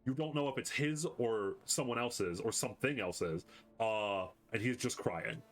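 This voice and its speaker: A man's voice: mid-range voice, a little slow. A man narrating as game master, describing the scene with lots of fillers and self-corrections.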